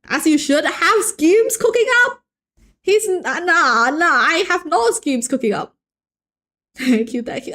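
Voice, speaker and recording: A woman's voice: high-pitched, a little slow. A young woman chatting playfully with her live-stream viewers while she draws, joking around and often restarting her sentences. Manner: playful and animated, joking with chat, frequent restarts. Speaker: art streamer. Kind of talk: casual live-stream chat while drawing.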